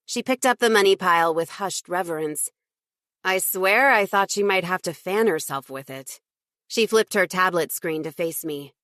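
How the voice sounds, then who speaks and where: A woman's voice: on the low side, normal speed, a bit bright, no echo, clean studio sound. Woman narrating a cozy audiobook. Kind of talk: scripted first-person audiobook narration.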